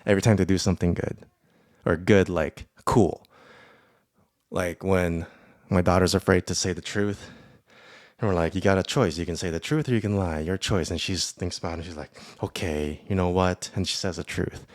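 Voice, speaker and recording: Deep-voiced man ranting on his podcast. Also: normal speed, no room sound. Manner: profane, excitable, rambling. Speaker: podcast host. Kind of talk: casual solo podcast monologue.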